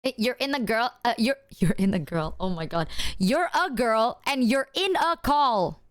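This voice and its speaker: A woman's voice: on the high side, animated, unhurried, no room sound, studio quality. A woman streamer chatting casually with her viewers in a loose, rambling way, full of filler words and swearing.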